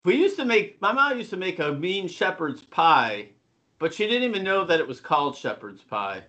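A man's voice: high-pitched, very animated, moderate pace, bright, forceful tone. A middle-aged man co-hosting a podcast, telling rambling, profane stories in casual chat. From Buffalo, New York. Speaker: podcast co-host.

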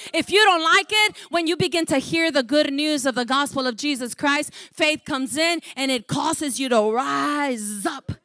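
High, fervent woman preaching. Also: no room sound. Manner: fervent preaching, swings from soft to shouting. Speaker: pastor. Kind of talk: sermon.

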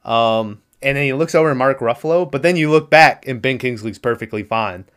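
Young man, podcast host, casual movie recap, animated, swears a lot, mid-pitched voice. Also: fairly quick, clean tone. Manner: animated retelling, acts out quotes, swears freely. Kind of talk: casual chat.

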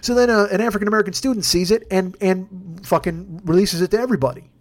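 A man's voice: high-pitched, fast. A man hosting a comedic podcast, talking in a profane, rambling rant. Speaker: podcast host.

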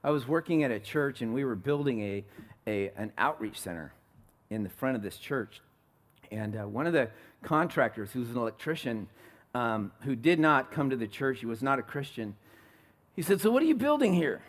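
A man's voice: mid-range voice, normal speed. A middle-aged man from California preaching a sermon as a pastor, telling stories and asking the congregation questions.

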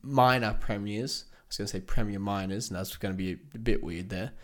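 A man's voice: lowish voice, brisk. A young man with an Australian accent co-hosting a casual sports podcast, teasing and joking. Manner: teasing, jokey. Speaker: podcast co-host.

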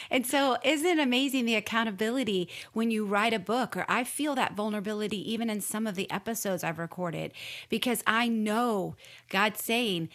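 A woman's voice: on the high side, normal speed. A woman in her forties hosting a faith-based interview and sharing personal stories. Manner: animated, shares personal stories. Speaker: podcast host.

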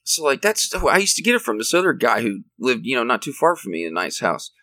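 A young man spins rambling, profane stories in a casual chat. His pitch rises and dips all over the place. The voice is bright and dry, right up close. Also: sing-song, fast talker, no echo, rough recording.

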